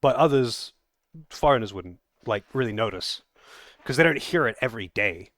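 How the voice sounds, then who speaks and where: A man's voice: mid-range voice, expressive, normal speed, a bit bright, no echo. An Australian man streaming a game playthrough, giving sarcastic and profane commentary. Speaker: let's play streamer. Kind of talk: gameplay commentary.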